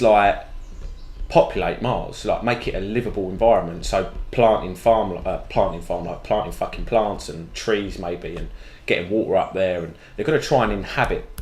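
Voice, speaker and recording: A man's voice: low-pitched, roomy sound. A man, co-hosting a podcast and telling stories in casual, sweary chat. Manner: sweary, lively storytelling. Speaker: podcast co-host.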